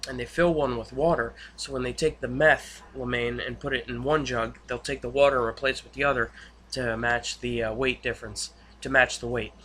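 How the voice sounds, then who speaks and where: A man's voice: medium pitch, steady tone, a little fast, pushed and bright, slight background noise. A young man recapping a TV episode in casual, rambling speech with many fillers and restarts. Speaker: YouTube reviewer.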